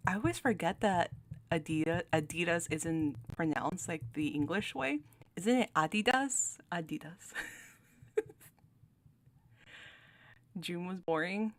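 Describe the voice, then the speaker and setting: A young woman talks casually about game cards she is ranking, slipping into giggles and restarting her sentences often. Her voice sits somewhat low but swings widely in pitch. She takes her time between phrases. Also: expressive, unhurried, long pauses, a little hiss or hum. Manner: chatty, giggly, with many fillers and restarts. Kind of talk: casual commentary.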